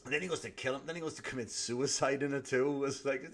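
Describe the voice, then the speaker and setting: A man hosting a comedy podcast, ranting alone in a profane, animated way. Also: medium pitch, fast talker, a little hiss or hum. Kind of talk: solo comedic rant.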